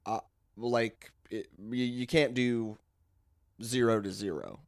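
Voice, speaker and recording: A man co-hosting a podcast in casual chat, rambling excitedly and restarting his thoughts. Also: mid-range voice, slow, gravelly, dry recording, studio quality.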